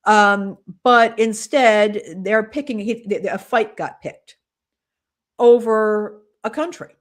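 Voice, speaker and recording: A woman's voice: medium pitch, slow. A woman from the United States co-hosting a podcast, giving earnest, impassioned political commentary and thinking aloud with frequent restarts. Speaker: podcast co-host.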